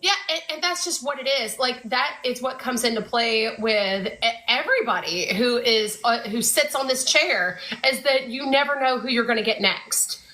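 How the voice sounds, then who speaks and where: A woman's voice: a little high, normal speed, few pauses, sharp tone, poor audio. A woman co-hosting a casual fan podcast, talking in a chatty way with lots of fillers. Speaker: podcast co-host.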